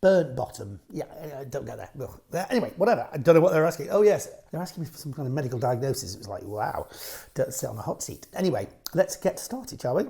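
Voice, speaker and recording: A man's voice: mid-range voice, big pitch swings, fast talker, vocal fry, dark tone. A man chatting casually to camera, answering viewer questions in a rambling, jokey way that keeps breaking off mid-sentence. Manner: rambling, jokey, self-interrupting.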